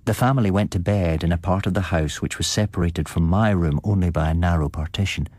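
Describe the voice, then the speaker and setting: A man narrating a ghost story on his podcast in a measured, suspenseful way. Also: low voice, darkish tone, husky, no room sound. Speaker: podcast host and story reader.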